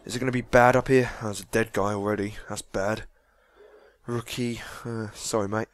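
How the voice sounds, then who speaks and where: A man's voice: lowish voice, steady tone, moderate pace, no echo. A young man giving casual, sweary let's-play commentary, chatting and joking as he reacts to the game. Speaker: gaming video host.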